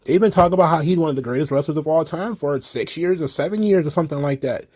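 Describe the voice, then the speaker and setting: A man's voice: fairly high pitch, fast talker, a little mellow, no echo. Blunt, swearing man giving wrestling opinions. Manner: blunt, profane, rambling with fillers. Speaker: wrestling commentary host. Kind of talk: casual opinionated commentary.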